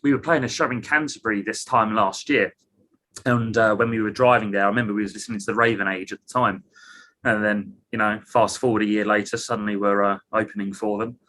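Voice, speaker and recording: A man's voice: fairly low pitch, steady tone, fast talker, pushed and bright, slight background noise. A man, a band member guest on a podcast over a video call, talking in a rambling, laid-back way. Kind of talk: casual interview.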